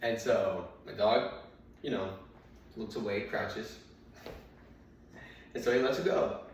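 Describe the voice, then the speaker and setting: A man's voice: fairly low pitch, takes it slowly, a little hiss or hum. A young man doing stand-up comedy, telling a rambling, profane story and acting out his dad and his dog. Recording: very echoey room, mic at a distance.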